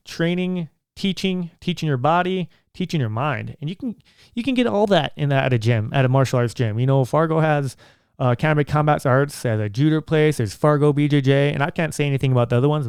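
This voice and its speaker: A man's voice: mid-range voice, darkish tone, clear, resonant tone, no room sound, clean studio sound. A man hosting his own podcast, talking in a casual, earnest and rambling way. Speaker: podcast host.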